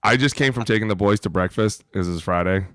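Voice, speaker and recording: A man with a lowish voice co-hosts a podcast in a loose, profane storytelling style. He acts out other people's lines as he goes, and his voice sits dry and close with no room around it. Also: quick pace, fairly bright tone, dry recording. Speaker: podcast co-host. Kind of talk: casual storytelling chat.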